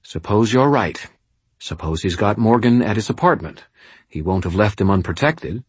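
A man's voice: lowish voice, sing-song, a little slow, husky, no echo, exaggerated voice. A man reading an audiobook voicing a haughty, mocking wealthy woman with a cold, waspish manner. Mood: impatient, scornful.

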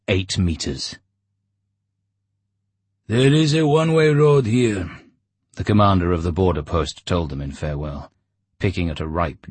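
Deep husky male audiobook narrator. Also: dry recording. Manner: measured, steady storytelling. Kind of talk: scripted narration.

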